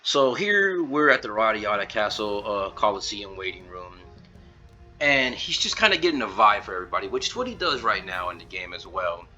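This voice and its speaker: Bright-voiced casual male game reviewer. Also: lowish voice, very animated, normal speed, muffled recording, soft background music. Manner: retells scenes in a loose run of "he's like" quotes, with fillers. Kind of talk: casual commentary video.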